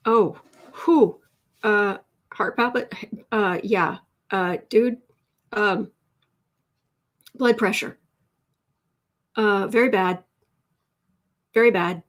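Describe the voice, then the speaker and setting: A woman hosting a live tarot stream from home, excited and teary, her voice shaky as she chats and laughs. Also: medium pitch, very slow, long pauses. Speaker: tarot reader host. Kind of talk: emotional live-stream chat.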